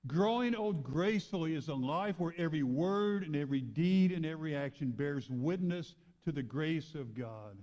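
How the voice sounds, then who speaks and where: Pastor, male, fairly high voice, sermon delivery with big dynamic swings, dull church recording. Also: expressive, moderate pace, few pauses. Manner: preaching with dramatic swings from loud to hushed.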